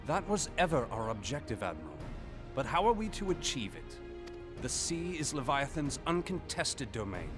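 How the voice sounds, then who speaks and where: A man's voice: medium pitch, big pitch swings, normal speed, close to an everyday voice. A man voicing a grave naval officer. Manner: formal, grave. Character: stern male naval officer in a game cutscene. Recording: game audio played from a distance under music.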